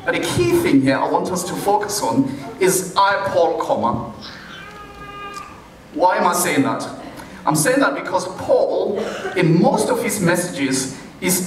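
A man preaching a sermon as pastor, deliberate and playful, chuckling as he makes his points. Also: sits high, sing-song, a crowd in the background. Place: large church hall. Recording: very echoey hall, mic far off.

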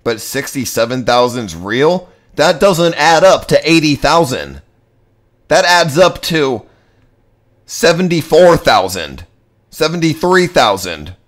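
Profane, animated young male streamer. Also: fairly high pitch, slow. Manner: profane, excitable, talks to himself. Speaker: live streamer. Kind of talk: casual live-stream chat.

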